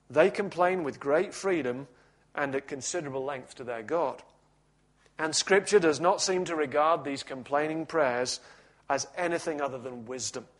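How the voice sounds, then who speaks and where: A man preaching a sermon in a measured, reflective teaching manner with touches of gentle humor. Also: fairly high pitch.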